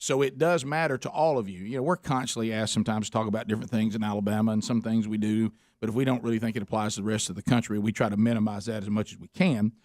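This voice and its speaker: A man hosting a talk radio show, speaking earnestly with many halting restarts. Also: fairly low pitch, steady tone, darkish tone, dry recording, studio quality. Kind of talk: casual talk radio chat. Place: radio studio. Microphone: studio microphone.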